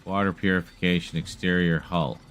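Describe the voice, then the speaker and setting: Low-voiced man streaming a horror game. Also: steady tone, brisk, a bit bright, smooth. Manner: chatty and wry, swearing lightly and laughing at himself. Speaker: gaming streamer. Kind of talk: casual live gameplay commentary.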